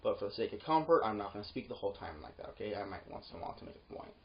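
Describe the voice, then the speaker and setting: A security guard tells a workplace story in a loose, casual monologue. The pitch swings up when the story gets heated and drops low for the asides. The recording sounds dull and lo-fi. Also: expressive, racing. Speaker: yard gate security guard.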